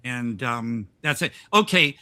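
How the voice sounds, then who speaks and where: A man's voice: medium pitch, animated, slow pace, sharp tone. An older man from the United States hosting a podcast, chatting casually, rambling and restarting his sentences with frequent laughs. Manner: rambling, self-interrupting, laughs often. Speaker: podcast host. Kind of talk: casual chat.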